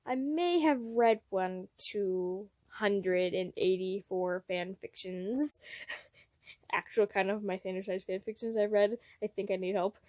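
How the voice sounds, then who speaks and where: A woman's voice: medium pitch, takes it slowly, a little mellow, dry recording, clean studio sound. A woman reading fanfiction aloud at home, with gushing, giggly fan asides. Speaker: fanfiction reader.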